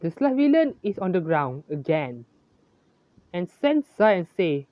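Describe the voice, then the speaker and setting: Fan story reader, halting, self-correcting, muffled lo-fi sound, dry. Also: mid-range voice, big pitch swings, no echo. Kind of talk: reading a homemade fan story aloud. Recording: dull, lo-fi, dry.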